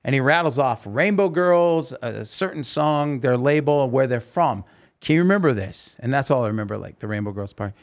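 A man's voice: mid-range voice, moderate pace, few pauses. A middle-aged man, a singer, telling a long personal story in an interview and acting out the lines of people in it. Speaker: podcast guest, singer.

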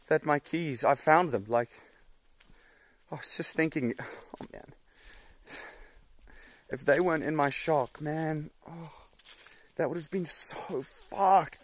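A young man vlogging alone on a mountain trail, exhausted and in pain, talking with frequent weary sighs into a handheld camera. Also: fairly high pitch. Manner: weary, sighing often. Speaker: solo hiker vlogger. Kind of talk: casual video diary. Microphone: handheld phone or action camera.

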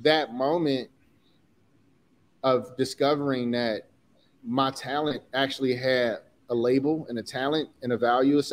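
A man in his forties from Chicago, telling personal stories in an interview with earnest feeling and casual slang. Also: mid-range voice. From Chicago, USA. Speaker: guest, designer and entrepreneur. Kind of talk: candid interview talk.

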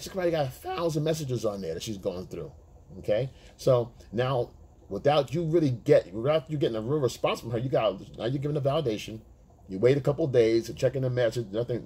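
A man's voice: mid-range voice, mellow, breathy edge. A man talking as a dating coach to other men, blunt and streetwise, swearing freely and acting out chat messages. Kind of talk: casual monologue to male viewers.

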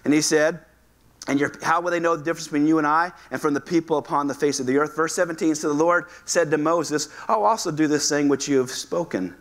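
A male pastor preaching a lively sermon, acting out voices and calling on the congregation to respond. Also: a little high, fast talker. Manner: animated, acts out quoted voices, asks the congregation to respond. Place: church sanctuary.

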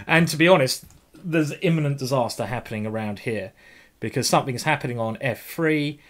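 Chatty English man thinking aloud. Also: mid-range voice. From England. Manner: chatty, jokey, thinks aloud over moves, swears casually. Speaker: chess grandmaster streamer. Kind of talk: live chess commentary.

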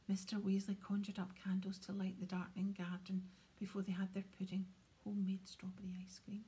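A woman reading a fantasy novel aloud in a steady, hushed whisper. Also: mid-range voice, brisk. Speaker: audiobook reader. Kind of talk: whispered audiobook narration.

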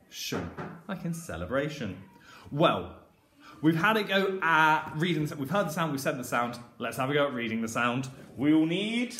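A man leads a phonics lesson for small children, his pitch leaping around as he stretches out each letter and syllable. He keeps up an encouraging, sing-song teacher voice. The recording is echoey, with faint background noise. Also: a bit bright. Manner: slow, exaggerated sounding-out of letters and syllables. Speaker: primary school teacher.

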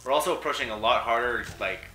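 A man's voice: mid-range voice, fast talker, bright, forceful tone. A young man casually commenting on a video game, rambling and joking between digressions. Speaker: let's play co-host. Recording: roomy with faint noise.

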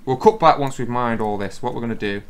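A fast-talking gaming channel host with a medium-pitched voice chats casually while he plays, thinking out loud. There's slight background noise.

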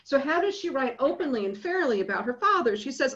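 Woman lecturer, animated delivery with constant check-ins, a bit high-pitched, muffled lo-fi recording. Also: fairly quick, hardly any pauses. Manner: lively, checks in with frequent "right?". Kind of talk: academic lecture.

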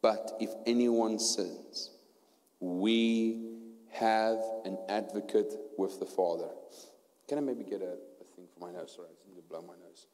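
A man with a South African accent preaching a sermon and telling his story, going from hushed tones to loud preaching. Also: lowish voice, steady tone, a little slow. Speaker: pastor. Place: church hall. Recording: long hall reverb.

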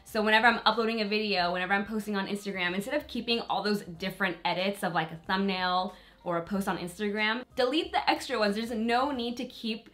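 A woman's voice: medium pitch, fast talker, a bit bright. Chatty woman beauty vlogger. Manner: chatty and candid, with small laughs and fillers; talks to viewers directly while applying makeup. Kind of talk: casual get-ready-with-me chat.

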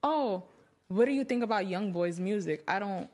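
A woman guest on a podcast, recounting a story in an animated way and acting out the quotes. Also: mid-range voice, moderate pace, a little hiss or hum.

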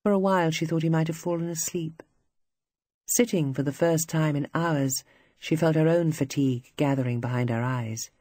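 An audiobook narrator reading literary fiction in a measured, even storytelling manner. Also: medium pitch, no room sound, studio quality. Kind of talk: scripted narration.

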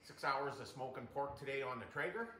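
Brisk and medium-pitched, this cooking show host chats his way through a casual demonstration in his home kitchen, speaking to "you guys" watching. Loud frying sizzles in the echoey kitchen.

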